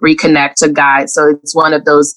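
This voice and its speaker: A woman's voice: low voice, little pitch movement, normal speed, fairly bright tone, rough recording. A woman guest on an interview, speaking in an earnest, heartfelt way and close to tears, often repeating her phrases. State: emotional, near tears. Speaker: guest therapist. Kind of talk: reflective interview talk.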